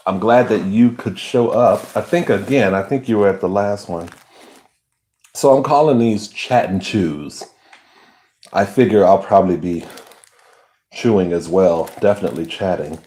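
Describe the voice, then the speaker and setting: A man hosting a live stream, chatting casually and answering viewer comments as he eats, sometimes dropping to a low hushed voice. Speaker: livestream host. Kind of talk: live chat while eating and chewing.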